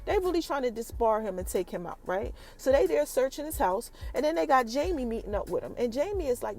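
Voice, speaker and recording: An animated woman hosting a podcast, chatting through a TV episode recap and speaking straight to her listeners. Her voice sits a little on the high side. Faint music plays underneath her. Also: fairly quick, few pauses. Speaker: podcast host.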